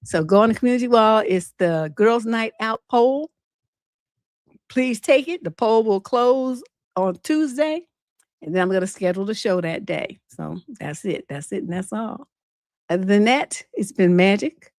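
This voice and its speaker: A mid-range female voice at a measured pace comes through a dry, clean studio recording. She hosts an unscripted relationship advice livestream as a coach, with blunt, animated storytelling full of swearing.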